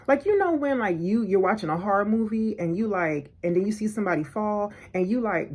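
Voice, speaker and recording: A woman vlogger telling a personal story in an animated, indignant way, acting out what people said. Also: mid-range voice, fairly quick, few pauses. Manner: animated, indignant, acts out quotes. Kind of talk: storytelling vlog.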